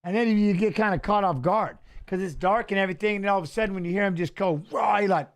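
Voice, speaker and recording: High-voiced man rambling on a live stream. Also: fast talker. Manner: rambling storyteller, excitable, trails off. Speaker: watch-along host, former fighter. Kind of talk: casual live-stream commentary.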